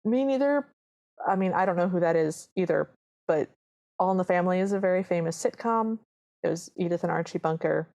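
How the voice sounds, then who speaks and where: A podcast co-host with a lowish, mellow voice talks through a film scene by scene. She slips into the characters' lines as she goes, telling it all in an easy, casual way. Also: a little fast. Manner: animated storyteller, acts out quoted lines. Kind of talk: casual chat recapping a film.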